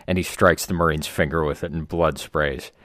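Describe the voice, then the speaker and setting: Deep-voiced man rambling through a comic tale. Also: normal speed, dry recording, clean studio sound. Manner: rambling, deadpan storytelling. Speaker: podcast co-host. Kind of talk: casual comedy podcast chat.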